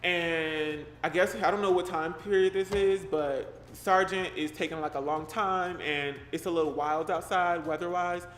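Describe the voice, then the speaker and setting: A man's voice: high-pitched, moderate pace, few pauses, soft background music. A young man streaming live, reading a horror story aloud and breaking off to joke with viewers in loose, slangy chat. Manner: animated, slangy and joking, breaks off to react to chat. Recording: roomy echo with faint background noise.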